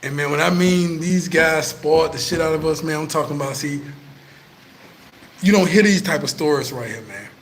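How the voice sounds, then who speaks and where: Male vlogger, slightly high voice, casual profane storytelling, light background hiss. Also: normal speed, fairly bright tone, poor audio. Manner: profane, laid-back street talk.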